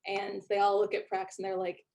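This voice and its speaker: A woman's voice: mid-range voice, completely flat delivery, brisk, gravelly, a little mellow. A woman narrating as game master in a tabletop game, chatty with many fillers.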